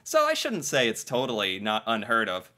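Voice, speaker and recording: A man in easygoing conversation, his pitch swinging widely as he reacts and muses. His voice is bright and forward, and he laughs often and talks through his thoughts. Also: moderate pace. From United States. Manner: animated, laughs often, thinks aloud. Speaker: co-host. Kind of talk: casual chat about slang.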